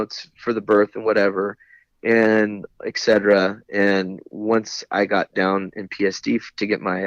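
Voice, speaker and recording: A man's voice: fairly low pitch, no room sound. A man, a veteran podcast guest, telling a story in a rambling, casual way, with lots of "you know" and some laughs. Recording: dull, dry lo-fi recording.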